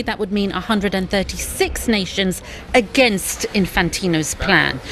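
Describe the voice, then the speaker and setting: Woman sports reporter, news broadcast, crisp informative read. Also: mid-range voice.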